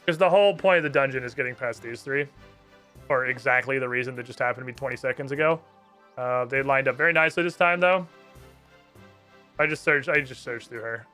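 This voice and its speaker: A man's voice: mid-range voice, a little fast, sharp tone, soft background music. A man streaming a game, chatting casually, swearing often and reading the dialogue aloud. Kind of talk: casual gameplay commentary.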